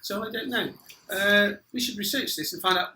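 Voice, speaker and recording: A man co-hosting a casual film chat, making dry, wry remarks. His voice sits high and sounds very bright. The room is echoey, with a faint hiss behind him. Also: moderate pace. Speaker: podcast co-host.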